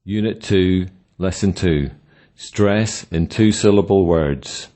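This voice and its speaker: A man reading a scripted language lesson in a slow, deliberate, instructional way. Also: low-pitched, mellow. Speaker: language teacher. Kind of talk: scripted narration.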